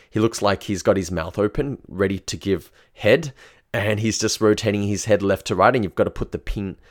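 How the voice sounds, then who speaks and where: A young man telling a personal story in a loose, chatty, profane way. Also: on the low side. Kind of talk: casual storytelling.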